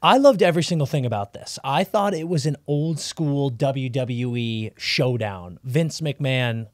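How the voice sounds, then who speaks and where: A man co-hosting a sports podcast, ranting in casual chat with big swings between loud and quiet. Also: medium pitch, measured pace, dry recording, clean studio sound. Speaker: podcast co-host.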